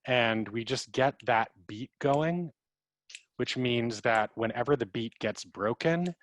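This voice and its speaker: A dramaturg answering audience questions on a video call, in a thoughtful, chatty way that repeats words and taps out verse rhythms aloud. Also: male voice, mid-range voice, slow.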